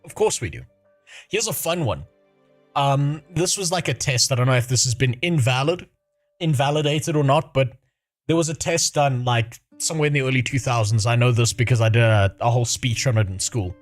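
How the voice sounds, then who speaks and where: A man's voice: medium pitch, brisk, faint music behind. A man in his thirties, a livestreamer chatting casually, swearing freely and laughing often. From South Africa. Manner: profane, laughs often while talking. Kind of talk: casual chat.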